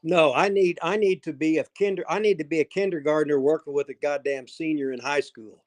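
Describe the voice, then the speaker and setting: Older ex-wrestler guest, slightly high voice, rambling, laughing, salty. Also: male voice, steady tone, brisk, a little mellow. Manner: rambling, laughs often, swears. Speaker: former pro wrestler, guest. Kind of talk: casual storytelling chat.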